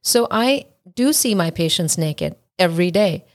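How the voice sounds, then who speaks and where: A woman's voice: fairly low pitch, animated, unhurried. A woman who hosts a podcast and is a physician, talking frankly and emphatically in a casual conversation.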